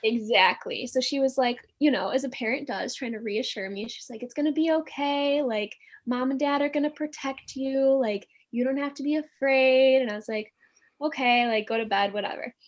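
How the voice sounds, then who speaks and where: A young woman telling a story as a podcast guest, animated and acting out the quotes, with many filler words. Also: high voice, normal speed. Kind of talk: casual storytelling.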